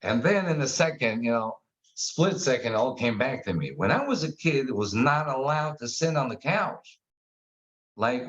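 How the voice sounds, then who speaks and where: Animated man telling stories, lo-fi. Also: mid-range voice, moderate pace. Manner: animated storyteller, acts out quotes. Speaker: guest. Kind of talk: casual explanatory chat. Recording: dull lo-fi sound.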